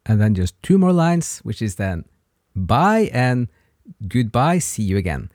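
A man hosting a podcast and teaching a language lesson, patiently repeating short phrases slowly for listeners to practice. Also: medium pitch, big pitch swings, darkish tone, no room sound, clean studio sound. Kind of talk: slow spoken language lesson.

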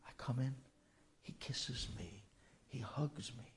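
In a mid-range voice, a man haltingly tells an emotional personal story. He sometimes drops to a whisper and mixes Yiddish and Hebrew terms into his speech.

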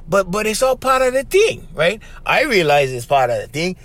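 Hawaiian guy telling a story on his podcast, high voice, swings up and down a lot, keeps saying bro. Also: big pitch swings, normal speed, fairly bright tone. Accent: Hawaiian Pidgin-tinged English. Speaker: podcast host. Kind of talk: casual storytelling monologue.

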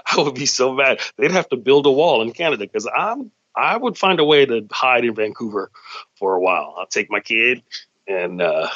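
A man's voice: medium pitch, pushed and bright. A man talks in a loose, profane comedic monologue, riffing from one thought to the next as the host of his own show. His middling voice comes through a slightly dull, lo-fi recording.

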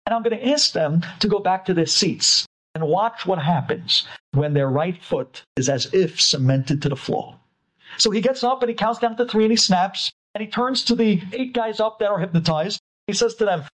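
Rabbi, male, high husky voice, tells a story with lively energy. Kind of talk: animated storytelling talk.

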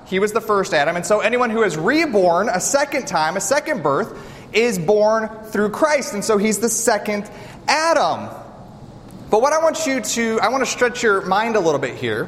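A man preaching a sermon, animated and direct, often asking the congregation rhetorical questions. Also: high-pitched. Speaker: pastor. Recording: reverberant hall with faint ambience.

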